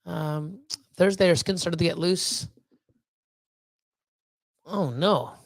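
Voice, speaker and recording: A man's voice: on the high side, takes it slowly, vocal fry, no echo. A man hosting a casual livestream, talking in a rambling way full of fillers, restarts and swearing, and reading out chat messages. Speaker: livestream host.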